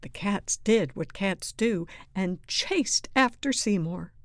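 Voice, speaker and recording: A woman reading a children's picture book aloud in a slow, expressive way. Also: medium pitch, no room sound, clean studio sound. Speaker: storyteller.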